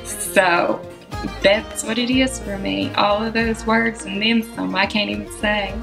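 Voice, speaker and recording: Southern woman guest, unhurried and reflective, laughs easily, slow delivery. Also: medium pitch, fairly even intonation, gravelly, music in the background. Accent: Southern American. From Southern United States. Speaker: guest musician. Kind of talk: relaxed interview conversation.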